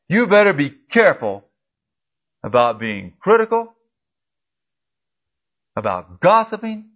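A man preaching a sermon, pressing his listeners with repeated emphatic questions and swinging from quiet, low asides to loud, rising appeals. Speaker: pastor. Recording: dull lo-fi recording.

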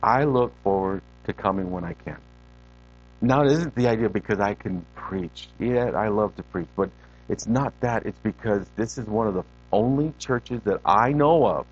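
A man preaching a sermon as a guest preacher in a church, animated and conversational, repeating words for emphasis and talking straight to the congregation. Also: on the low side, muffled recording.

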